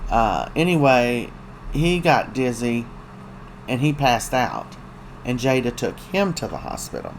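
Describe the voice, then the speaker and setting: In a rough recording with a faint hum underneath, a talkative host chats through a soap opera's week in an animated, gossipy way. The pitch is middling, the speech is full of ums and uhs, and characters' lines get quick acted-out voices.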